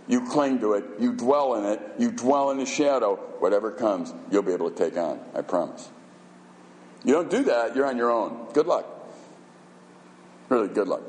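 Male pastor, conversational but emphatic sermon voice, mid-range pitch, live church reverb. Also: darkish tone. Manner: emphatic and conversational, firing rhetorical questions. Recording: echoey hall reverb.

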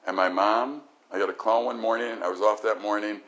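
An older male pastor delivers a sermon in a low voice. He swings from loud, emphatic exclamations to quiet, reflective passages. The recording is dull and lo-fi. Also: steady tone, a little fast.

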